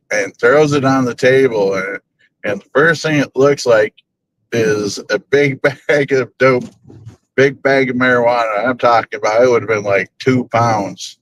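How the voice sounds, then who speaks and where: A man's voice: mid-range voice, a bit bright, a little hiss or hum, poor audio. A man hosting a paranormal group's live stream, chatting casually from his car on the way to work, rambling and chuckling often. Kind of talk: casual live-stream chat while driving.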